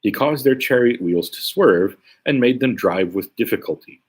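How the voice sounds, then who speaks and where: A man's voice: mid-range voice, animated, normal speed, slightly rough. A man leading a casual Bible study, reading scripture aloud and commenting conversationally with frequent "right?" tags. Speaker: Bible teacher.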